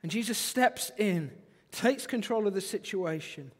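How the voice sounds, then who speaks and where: A man preaching a sermon, animated, with phrases repeated for emphasis. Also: high-pitched, unhurried, slightly rough. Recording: long hall reverb.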